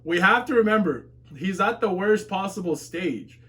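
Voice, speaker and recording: Excitable man reacting to a webtoon. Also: sits high, moderate pace. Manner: excitable, swears and shouts at plot twists, laughs often. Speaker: webtoon reaction streamer reading viewer comments. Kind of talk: casual live reaction, reading comments aloud.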